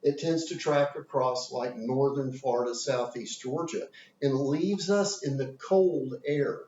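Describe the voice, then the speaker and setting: A man's voice: mid-range voice, unhurried, a little mellow. A man teaching a meteorology class in a rambling, chatty way, stopping to draw on the board. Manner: rambling, chatty, with fillers while drawing on a board. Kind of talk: informal classroom lecture. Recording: roomy, distant, dull audio with faint hiss.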